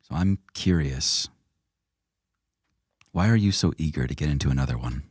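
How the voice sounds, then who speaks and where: A man voicing a wary, quietly threatening pirate captain. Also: extremely low pitch, animated, normal speed, husky, dry recording, clean studio sound, pitched below the performer's own voice, exaggerated voice. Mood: probing.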